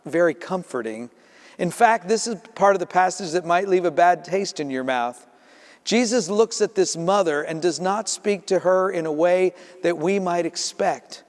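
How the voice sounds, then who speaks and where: Preacher guy, kinda high voice, telling the story in a big echoey church. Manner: storytelling, acts out voices in quotes. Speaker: pastor. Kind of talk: sermon. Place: church sanctuary. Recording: reverberant church sanctuary.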